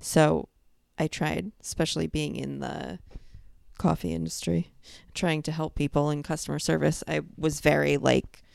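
A woman's voice: low-pitched, moderate pace, creaky, no room sound, studio quality. A young woman from New York, co-hosting a podcast, telling stories bluntly and with energy in casual chat. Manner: blunt, animated storyteller. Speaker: podcast co-host.

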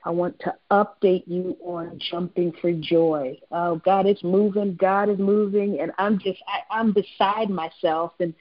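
A woman's voice: lowish voice, fairly even intonation, unhurried, hardly any pauses, no room sound, muffled recording. Fervent woman leading a prayer call. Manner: fervent, repetitive address to God. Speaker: ministry call leader. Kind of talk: prayer and prophetic word on a weekly call.

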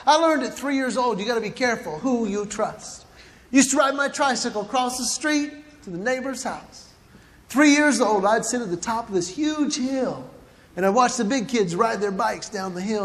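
A man's voice: sits high, normal speed. A man performing a stand-up comedy routine, animatedly acting out moms and kids as he tells stories. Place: large hall with live audience. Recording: reverberant hall, faint ambience.

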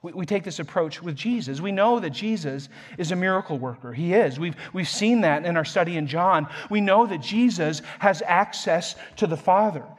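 A pastor preaching a sermon, telling a self-deprecating story with frequent chuckles and repeated words. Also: male voice, high-pitched, moderate pace, few pauses.

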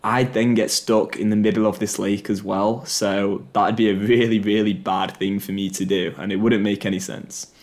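A man's voice: lowish voice, level tone, moderate pace, few pauses, natural voice. A man voicing a sly, persuasive male scorpion in a spoken fable. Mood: coaxing. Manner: coaxing, matter-of-fact.

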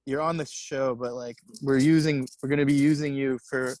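A man hosting a comedy podcast, dropping deadpan interjections. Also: mid-range voice, moderate pace, no echo. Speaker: podcast host. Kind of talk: casual comedic chat.

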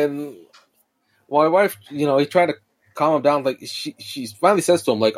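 This podcast co-host, a man in his thirties, talks at normal speed in a voice on the high side. His long, casual story rambles, full of profanity, fillers and frequent restarts.

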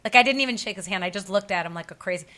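A woman's voice: medium pitch, rapid-fire, pushed and bright. A woman hosting a casual chat, telling rambling stories full of asides. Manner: chatty, rambling storytelling with many asides.

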